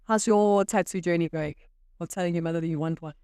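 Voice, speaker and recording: A woman co-hosting a casual podcast chat, an animated storyteller who often quotes other people. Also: fairly low pitch, fast, clean tone, no room sound, clean studio sound. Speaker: podcast co-host.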